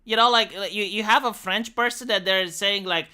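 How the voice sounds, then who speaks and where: A live streamer from Romania, speaking English as a second language with a Romanian accent, chats casually and profanely with viewers. The voice is mid-pitched, clean, and sharp in tone at a normal speed, and the talk rambles with fillers and restarts.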